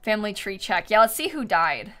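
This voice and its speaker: A woman's voice: mid-range voice, big pitch swings, a little fast, a bit bright. A woman streamer chatting casually while playing a game, laughing often and thanking viewers for donations. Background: faint background music.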